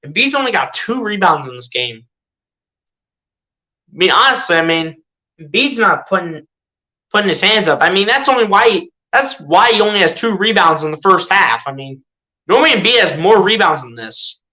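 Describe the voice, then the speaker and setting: In a sing-song, mid-range voice that sounds pushed and bright, a fan narrates a basketball game live at a moderate pace. Exasperated and chatty, he keeps throwing rhetorical questions at the team and correcting or repeating his words, all on a rough recording.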